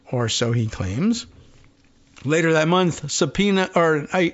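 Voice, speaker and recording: A man's voice: high-pitched, fairly bright tone, highs cut off. Wry talk show host, man. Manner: conversational, wry, thinks aloud with asides. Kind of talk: reading and commenting on news.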